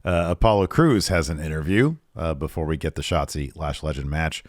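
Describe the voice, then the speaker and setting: Animated man recapping wrestling, dry mic. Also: a bass voice, a little fast, no room sound. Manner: animated, does voices when quoting. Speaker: podcast co-host. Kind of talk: casual wrestling recap chat.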